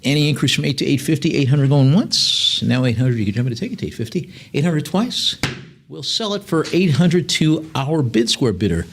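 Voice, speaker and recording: A man's voice: a little high, animated, brisk, background noise. A man working as an auctioneer, calling bids in a live auction and drifting into chatty asides with lots of fillers. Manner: chatty, digressive, many fillers between bid calls.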